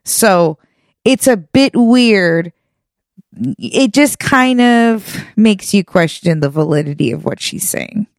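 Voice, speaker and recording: A woman's voice: mid-range voice, slow, dry recording. Chatty laughing woman podcast co-host. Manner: chatty, laughs often, animated storytelling. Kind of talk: casual chat.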